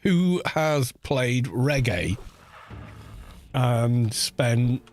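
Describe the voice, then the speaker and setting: This forties-aged British man draws out his words in a lively, mid-range, darkish voice, with a little hiss or hum in the recording. He's streaming a game, rambling and musing casually with lots of restarts.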